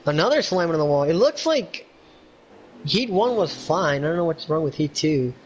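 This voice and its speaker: A man calling quick play-by-play as co-commentator on a sim racing broadcast. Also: fairly high pitch, animated, muffled recording.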